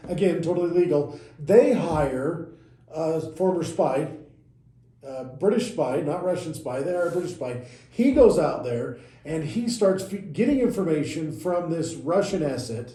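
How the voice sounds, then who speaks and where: A man's voice: fairly high pitch, expressive, a little slow, dark tone. A man co-hosting a podcast, casually walking through events step by step and correcting himself as he goes. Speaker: podcast co-host. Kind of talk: casual explanatory chat. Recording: roomy echoey room.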